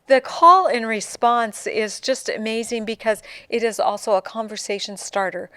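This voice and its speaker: A woman's voice: on the high side, normal speed, a bit bright, no room sound. Older woman telling a story, dry close mic. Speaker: co-host. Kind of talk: conversational church podcast.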